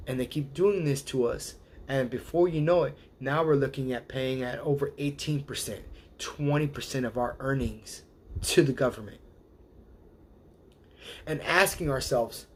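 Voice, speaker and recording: Animated man ranting on a live show. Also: on the high side, normal speed. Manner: animated, quotes others in put-on voices. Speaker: host. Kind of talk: casual monologue.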